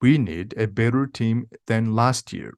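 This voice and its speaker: A man reading the lines of a stern older woman who teaches magic, firm and measured. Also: lowish voice, no room sound.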